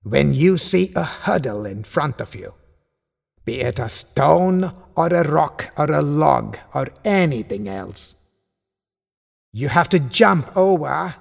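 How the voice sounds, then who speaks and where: A man voicing a kind, gentle rabbit uncle in a storybook, speaking slowly and soothingly. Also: fairly high pitch, big pitch swings, creaky, exaggerated voice. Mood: encouraging. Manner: soothing, slow and tender. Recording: long hall reverb.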